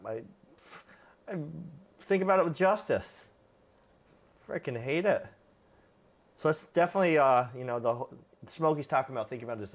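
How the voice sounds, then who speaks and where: A man hosting a live stream, answering viewer questions about dogs in a plain-spoken, casual way with frequent fillers. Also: mid-range voice. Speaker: livestream host, dog trainer.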